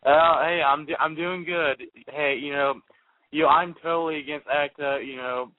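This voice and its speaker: A man's voice: fairly high pitch, steady tone, normal speed. A man calling into a radio show, hesitant and rambling, filling his talk with "like". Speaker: caller. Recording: tinny phone line.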